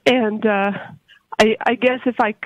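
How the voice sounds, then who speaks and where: A woman's voice: fairly high pitch, fairly even intonation, unhurried, no room sound. A woman in her late forties calling in to a talk show, hesitant and stammering, with many restarts. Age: 40s. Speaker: caller. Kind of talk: call-in phone conversation. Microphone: telephone. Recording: dull phone line.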